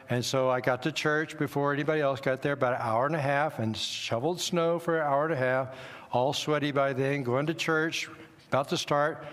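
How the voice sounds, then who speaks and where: A man in his sixties, a missionary, telling self-deprecating stories to a church congregation in an easygoing, anecdotal way. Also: mid-range voice. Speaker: missionary speaker. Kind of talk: church talk with personal stories. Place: church sanctuary. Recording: long hall reverb.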